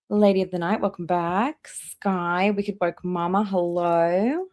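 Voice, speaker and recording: A woman hosting a live reaction stream, chatting casually and reading out viewer names one by one with drawn-out welcomes. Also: on the low side. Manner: drawn-out welcomes, trailing off quieter.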